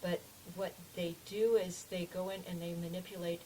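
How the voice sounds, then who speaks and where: A woman's voice: on the low side, fairly even intonation, moderate pace, warm tone. A woman guest on a podcast who speaks hesitantly, often restarting her sentences. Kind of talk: casual podcast chat. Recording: noisy background.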